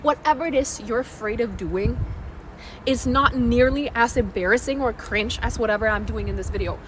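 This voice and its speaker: Speaking at a moderate pace in a slightly high voice, a woman YouTuber delivers an energetic, playful motivational talk from an outdoor balcony. She repeats points for emphasis, and traffic noise from the outdoor surroundings is audible throughout.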